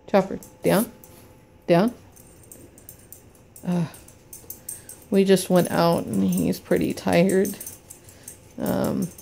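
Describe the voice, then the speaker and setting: A woman filming a casual unboxing vlog at home, talking haltingly with many fillers, anxious and in pain. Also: on the low side, creaky, dark tone. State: anxious and in pain, hand shaking. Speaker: vlogger. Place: home, indoors.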